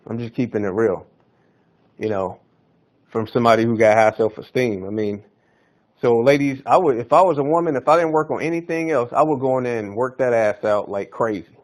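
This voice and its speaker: A man's voice: mid-range voice, brisk. A man hosting a fitness podcast, talking in a loose, slangy, hyped-up coaching style. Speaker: podcast host. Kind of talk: casual fitness podcast monologue.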